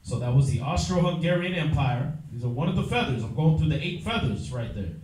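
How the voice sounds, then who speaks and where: A man's voice: fairly high pitch, animated, fairly quick, darkish tone. A man teaching a Bible class, lecturing emphatically with lots of fillers and restarts. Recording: echoey room, mic far off.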